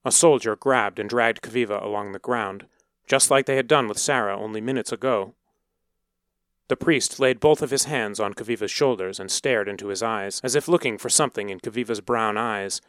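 A man narrating a story in a steady, measured reading voice. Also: on the low side, clear, resonant tone, no echo, studio quality.

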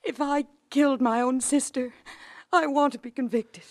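A grief-stricken widow speaks in a high, trembling voice, stammering as if close to tears. The sound is close and dry, in the manner of a 1940s radio mystery. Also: female voice, steady tone, normal speed, darkish tone, no echo. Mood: shaken. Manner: stammering, tearful, near hysteria. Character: grieving widowed mother, hysterical and fragile.

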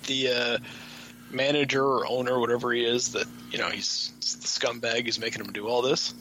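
Man, podcast co-host, bright tone, wry, incredulous, casual review chat. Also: mid-range voice, little pitch movement, moderate pace, a little hiss or hum, low-quality recording. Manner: wry and incredulous, with frequent laughs.

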